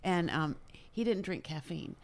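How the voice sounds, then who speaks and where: A woman guest on a podcast, telling a story in a casual, animated way and laughing often. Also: fairly low pitch, measured pace. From Atlanta area.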